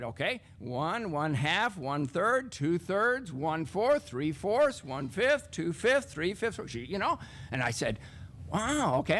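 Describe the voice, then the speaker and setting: A man speaking on a teaching panel, telling a classroom story and acting out the dialogue. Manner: animated, acts out classroom dialogue with raised pitch. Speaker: math professor on a teaching panel.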